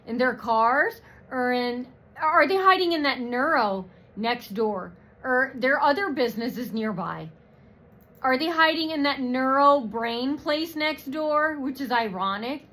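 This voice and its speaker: Slow, bright-voiced woman ranting. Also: sits high, animated. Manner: profane, mocking, rambling with many fillers. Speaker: vlogger. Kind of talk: rambling personal rant.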